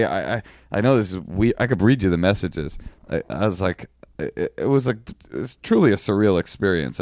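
A man co-hosting a podcast, telling a long story in a rambling, halting way with deadpan jokes. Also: on the low side, dry recording, studio quality. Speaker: podcast co-host. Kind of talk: casual storytelling chat.

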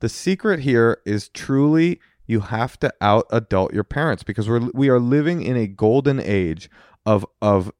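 A man co-hosts an advice podcast in a casual, animated way. He acts out quarrels with relatives in quick put-on voices, at a middling pitch. The recording is close and dry. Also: no echo. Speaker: co-host giving advice.

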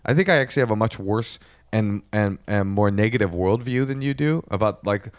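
A man's voice: fairly low pitch, brisk, clear, resonant tone, no echo, clean studio sound. A man co-hosting a podcast, chatting casually and joking in a playful, exaggerated way. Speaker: podcast co-host. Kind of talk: casual comedic chat.

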